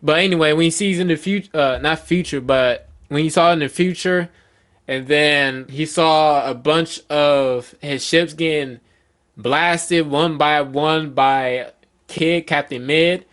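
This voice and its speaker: Slow-talking excited male manga recapper. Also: fairly high pitch. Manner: excited storyteller, reads quotes aloud with loose slips and restarts. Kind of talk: casual manga chapter recap.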